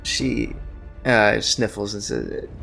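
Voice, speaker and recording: Gravelly guy game master, steady storytelling, bit of music in the back. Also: on the low side. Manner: measured descriptive storytelling. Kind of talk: narrating a tabletop game.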